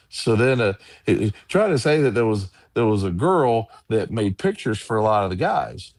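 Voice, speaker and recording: Low-voiced man spinning lively stories. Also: moderate pace, dry recording. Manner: animated, acts out quoted voices, laughs often. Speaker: guest wrestler. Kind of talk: casual storytelling interview.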